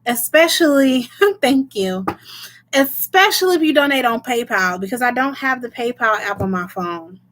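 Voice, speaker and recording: A woman with a fairly high voice hosts a casual tarot livestream. She chats freely, laughs often and answers her viewers one by one. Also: animated, normal speed, fairly bright tone, a little hiss or hum.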